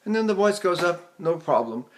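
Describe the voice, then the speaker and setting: A man in his eighties teaching vocal technique, explaining in an easy conversational way and breaking into falsetto vocalises and sung vowels. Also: big pitch swings, moderate pace, a little hiss or hum. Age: 80s.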